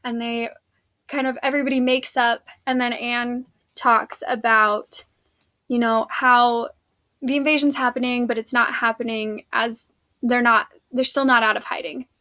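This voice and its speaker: A woman's voice: fairly high pitch, level tone, measured pace, sharp tone. A woman teacher giving a casual, chatty recap of a play scene, filling her talk with "like" and "um.". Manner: chatty, lots of "like" and "um". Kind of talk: casual spoken lesson recap.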